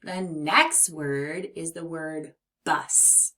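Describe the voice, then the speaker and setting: A woman teaching young children a phonics lesson, speaking clearly and encouragingly. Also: deep voice, takes it slowly, bright, forceful tone. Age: adult.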